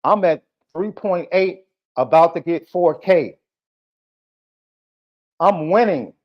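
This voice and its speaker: A man's voice: on the high side, unhurried. A man hosting a podcast, ranting heatedly at a viewer in a combative, taunting, repetitive way. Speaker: podcast host. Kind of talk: heated live podcast rant. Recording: muffled lo-fi stream audio.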